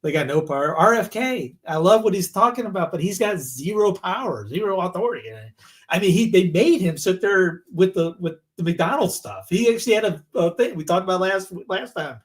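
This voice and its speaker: A man's voice: high voice, lively intonation, brisk. A man co-hosting a podcast, rambling in casual chat, laughing and acting out quotes in little voices. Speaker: podcast co-host.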